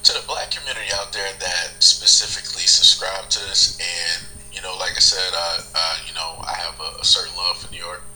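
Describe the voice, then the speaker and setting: A man's voice: sits low, fairly even intonation, fairly quick, hardly any pauses, bright, forceful tone, faint music behind, rough recording. A man giving rambling casual commentary, repeating his phrases.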